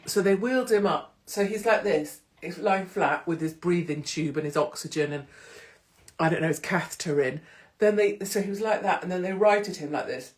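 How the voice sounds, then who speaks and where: A woman's voice: on the low side, moderate pace. A woman hosting a casual live stream from her phone, irreverent and sweary, slipping into mocking voices. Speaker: host of a live social media stream.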